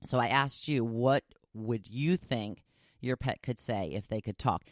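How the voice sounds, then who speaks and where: A woman's voice: rumbling low, a little slow, no room sound, clean studio sound. A woman hosting a solo podcast, chatting casually and animatedly, often laughing as she talks. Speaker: podcast host.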